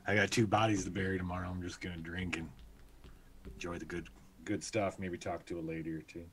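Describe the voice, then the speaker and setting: A man playing a weary frontier preacher who talks in a gruff, low mumble. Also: little pitch movement, a little fast, lightly acted. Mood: grumpy.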